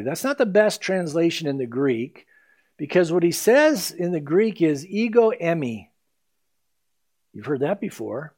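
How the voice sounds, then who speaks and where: A male pastor preaching a sermon, animated, acting out scripture quotes in his teaching. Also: fairly high pitch, moderate pace.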